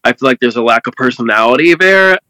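A man chatting as a podcast guest in a relaxed, measured way. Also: mid-range voice, dry recording, low-quality recording. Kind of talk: casual podcast chat.

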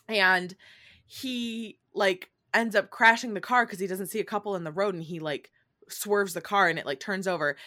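Woman, podcast co-host, casual chat, animated storyteller, bright voice, lively pitch. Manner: animated, laughing storyteller with lots of fillers.

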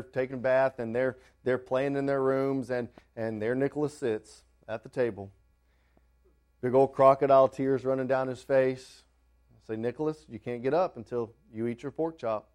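A man in his thirties preaching a sermon in church, telling a family story with many restarts before rising into loud preaching. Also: mid-range voice. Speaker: pastor.

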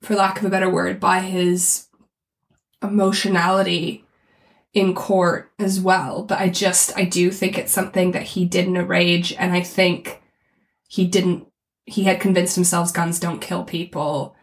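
In a roomy, echoey recording, a podcast co-host speaks with a fairly low voice, little pitch movement, and vocal fry at a measured pace. She talks things through thoughtfully, step by step, in a casual discussion.

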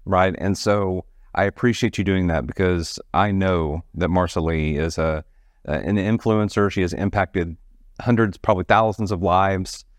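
Very deep-voiced man hosting an interview. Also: fairly even intonation, moderate pace, no room sound. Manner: supportive, asks questions with many fillers. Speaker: podcast host. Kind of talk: casual interview.

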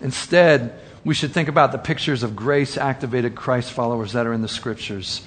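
A man preaching a sermon, earnest and full of rhetorical questions, slowing down for emphasis. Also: medium pitch.

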